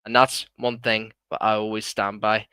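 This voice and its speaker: Bright-voiced heated Irish young man. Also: fairly low pitch, level tone, moderate pace, clear, resonant tone, no room sound. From Ireland. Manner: heated, frequent swearing, calls listeners "man". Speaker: livestream host. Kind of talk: casual live-stream commentary.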